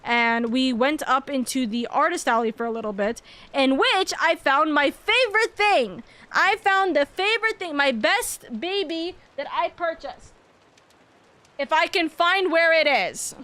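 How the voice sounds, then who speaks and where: Young woman streamer, high voice, excitable and gushy, rain faintly in the background. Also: unhurried. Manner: gushing, excitable, repeats herself. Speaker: VTuber streamer. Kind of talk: casual chat to livestream viewers.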